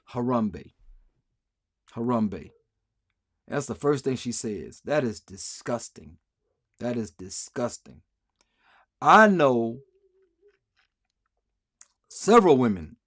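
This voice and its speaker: A man hosting a live stream, rambling through sarcastic commentary and answering comments from the chat. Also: mid-range voice. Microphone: streaming mic.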